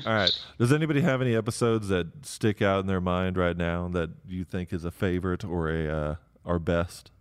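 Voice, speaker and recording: A man's voice: low voice, fairly quick, hardly any pauses, clean tone, no echo, studio quality. A man hosting a podcast, casually looking back on the first season with his friends. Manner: easygoing, hesitant with fillers. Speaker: podcast host.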